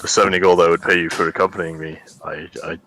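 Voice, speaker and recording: A man with a low voice plays his character in a tabletop game over a voice call. He speaks politely and in measured terms, stumbling on his words. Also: little pitch movement, a bit bright, slight background noise. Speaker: player. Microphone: computer mic over online voice call.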